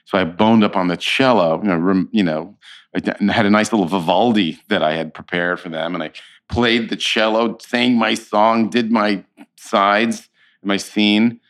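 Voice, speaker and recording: A man who is an actor and interview guest, telling stories in an animated way, with frequent restarts and laughter. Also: lowish voice, normal speed. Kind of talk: conversational anecdotes.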